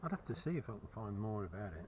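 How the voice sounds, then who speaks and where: Cheerful man, low voice, outdoors. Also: very animated, fast talker, a little mellow, dull audio, slight background noise. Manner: cheerful, chuckling, enthusiastic about finds. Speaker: metal detecting vlogger. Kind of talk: chatty commentary to camera while detecting. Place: outdoors in a field.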